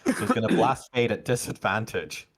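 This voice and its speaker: A man with a fairly low voice narrates a tabletop game as its game master. He explains rolls and rules in a relaxed, patient way. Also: normal speed.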